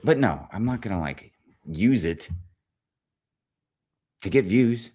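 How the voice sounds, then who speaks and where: Brief: male streamer, profane comedic rant, lively up-and-down delivery, exasperated. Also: fairly low pitch, slow pace, slightly rough. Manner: swears constantly, animated and exasperated.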